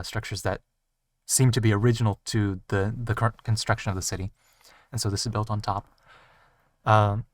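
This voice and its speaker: A man narrating a tabletop role-playing game as game master, pausing often with ums and uhs. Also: fairly low pitch, no room sound, clean studio sound, distant mic. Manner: halting, many ums and uhs.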